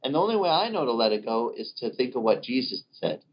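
Lively male preacher, lo-fi sound. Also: mid-range voice, fast talker, slightly rough. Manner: animated, acts out quoted voices. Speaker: pastor. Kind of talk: sermon. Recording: dull lo-fi recording.

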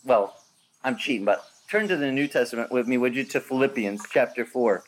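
A man, a pastor, preaching a sermon with lively acted-out quotes and a rising, emphatic delivery. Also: mid-range voice, fairly quick, a little hiss or hum.

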